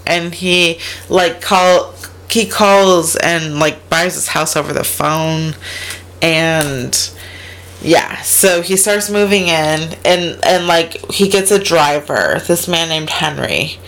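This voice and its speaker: A woman's voice: low voice, slow, a bit bright. A woman co-hosting a casual podcast, animatedly retelling a movie's plot, acting out the characters' lines, swearing and laughing as she goes. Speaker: podcast co-host recapping a movie. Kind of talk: casual chat.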